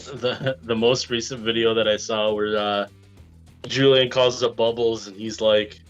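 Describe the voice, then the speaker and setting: A man's voice: fairly low pitch, unhurried, soft background music. Laid-back man on lo-fi audio. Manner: relaxed, laughs along, swears casually. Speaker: podcast co-host. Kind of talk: casual chat.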